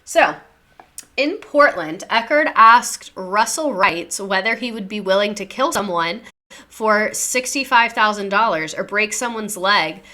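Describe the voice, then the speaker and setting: A young woman with a bright, forward voice tells a true-crime story in a casual, slangy way. She moves between reading out facts and chatting with her viewers. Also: mid-range voice, animated, unhurried. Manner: chatty, slangy, reacting to chat.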